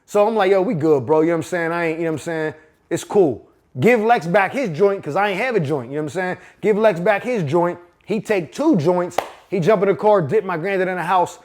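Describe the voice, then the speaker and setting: A man from Pittsburgh spins a personal story in casual street slang and heavy profanity. His voice sits high for a man, and the delivery stays animated and conversational. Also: fairly quick.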